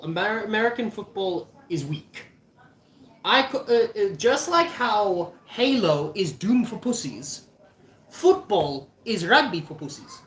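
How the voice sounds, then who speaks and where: A man's voice: high voice, fairly bright tone. A young man in his twenties with a South African accent, chatting casually to camera in a rambling, jokey way with lots of restarts. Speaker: vlogger. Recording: echoey room.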